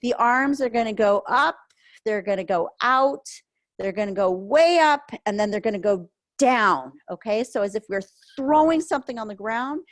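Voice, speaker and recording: A woman leading an online grief yoga session, giving soft, gentle guidance through a headset mic. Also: a little high, lively intonation, moderate pace.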